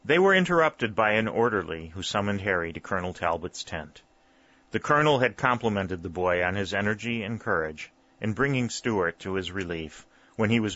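A man reading a historical novel aloud in a steady, measured narration. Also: on the low side, dull audio. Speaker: audiobook narrator. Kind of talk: scripted narration.

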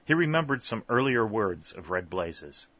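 A man narrating a story, with steady, even storytelling. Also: fairly low pitch, normal speed, breathy edge, dry recording. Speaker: audiobook narrator. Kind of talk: scripted narration. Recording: slightly dull, dry recording.

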